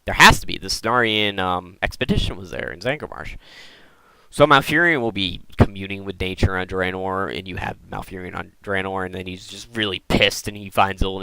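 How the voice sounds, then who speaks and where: An excitable man hosting a gaming video who rambles and often stumbles over repeated words. His voice sits on the low side but sounds bright and crisp. The recording is dry and close. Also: no room sound, rough recording. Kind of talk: casual lore theorizing talk.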